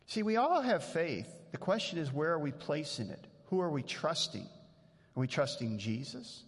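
A man's voice: on the high side, sing-song, normal speed. Male pastor, earnest conversational sermon, long church reverb. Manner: earnest, conversational preaching with many restarts.

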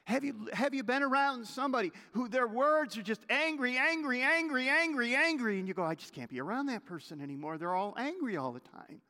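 A male pastor delivering a sermon, swinging from loud exhortation to hushed intensity. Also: very high voice, expressive, brisk, hardly any pauses. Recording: long hall reverb.

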